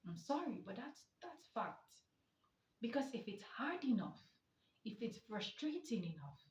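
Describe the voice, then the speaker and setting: A woman's voice: fairly high pitch, sing-song, a little slow. A woman giving a motivational talk as a therapist, emphatic and rhetorical with mocking asides. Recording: echoey, distant, dull sound.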